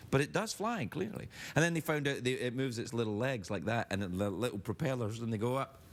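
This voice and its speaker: A man's voice: mid-range voice, lively intonation, noisy background. Teasing Scottish man hosting a talk show. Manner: playful, teasing, quick-witted. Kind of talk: late-night talk show banter. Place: television studio with audience.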